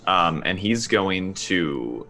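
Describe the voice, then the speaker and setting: A man with a very low but lively and bright voice plans his character's moves, hesitating as he goes. A faint hum of ambience runs behind him. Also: extremely slow. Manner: thinking aloud, hesitant. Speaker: player. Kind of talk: casual tabletop play.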